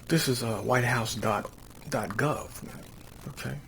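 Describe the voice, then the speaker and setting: A man giving casual commentary, reading quotes slowly and then rising into heated, mocking rants that end phrases with "man". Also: mid-range voice, creaky, a bit bright, slight background noise, low-quality recording. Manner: drawls "man" at phrase ends. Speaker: religious commentator.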